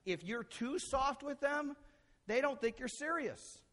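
A middle-aged man preaching a sermon as a pastor, animated, acting out quotes and shifting from loud to soft. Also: very high-pitched, measured pace.

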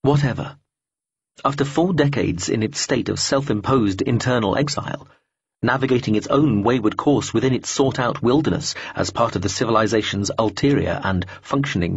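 A man narrating an audiobook in a measured, even reading, in a dull lo-fi recording. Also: medium pitch, husky, no echo.

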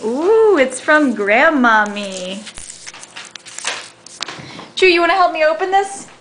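High-voiced woman cooing at her dog. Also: sing-song, slow pace, noisy background. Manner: cooing baby talk to a dog. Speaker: dog owner filming her pet. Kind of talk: home video chat.

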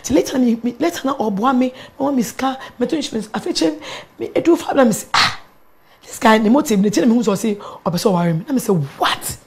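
A middle-aged woman with a Ghanaian accent, a pastor sharing a personal testimony in an animated storytelling manner, switching between English and Twi. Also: fairly high pitch, quick pace. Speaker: pastor and guest.

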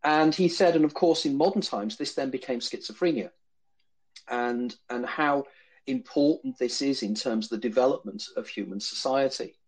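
A man of middle pitch holds forth before a live audience at a discussion event. He talks at length, loosely and discursively, and often repeats a word while he searches for the next thought. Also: normal speed. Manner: discursive, repeats words when thinking. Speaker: guest speaker answering an audience. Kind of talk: lecture-style discussion.

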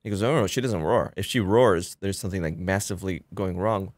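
Guy on a podcast telling a film set story, lowish voice, lots of uh and like, dry close sound. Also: fairly quick, no echo. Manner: animated storytelling with many fillers and restarts; acts out quoted voices. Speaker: guest filmmaker. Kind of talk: casual podcast chat.

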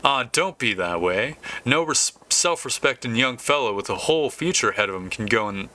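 A man's voice: animated, normal speed, sharp tone. A man voicing a pantsless young man who keeps pleading and whining to borrow someone's trousers. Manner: high, wheedling pleas.

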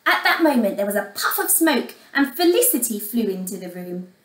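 Expressive woman teacher reading a fairy tale. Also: medium pitch, moderate pace, reverberant, recorded from a distance, low-quality recording. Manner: expressive, asks the listeners questions. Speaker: primary school teacher. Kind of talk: reading a storybook aloud to young children.

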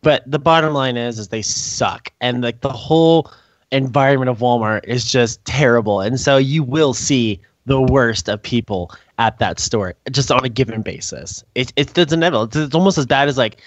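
A man co-hosting a podcast, casually telling work stories and acting out quotes in high squeaky voices. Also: moderate pace, dry recording. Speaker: podcast co-host. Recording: dull lo-fi mic, dry.

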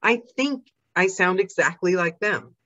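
A woman's voice: on the low side, animated, a little slow, a bit bright. Chatty woman host, dull lo-fi sound. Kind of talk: casual interview chat.

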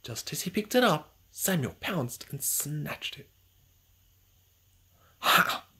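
A storybook reader narrates a children's tale aloud in a slow, expressive way, often dropping to a whisper. The voice is bright yet gravelly and breathy, rising and falling widely. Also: mid-range voice.

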